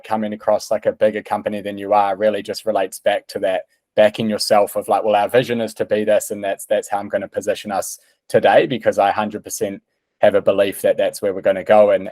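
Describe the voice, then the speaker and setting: Low, flat-voiced male interviewer. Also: brisk, no room sound. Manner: affirming, reflective interviewer. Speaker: podcast host, interviewer. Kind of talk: casual interview talk.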